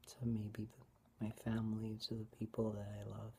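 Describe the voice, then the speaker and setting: Teary woman talking slow and halting, dark flat husky voice, keeps slipping into whispers. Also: extremely low pitch, a little hiss or hum. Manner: halting, hesitant, with many restarts; soft-spoken, often drops to a whisper. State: tearful. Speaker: vlogger. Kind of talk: personal Bible reflection vlog.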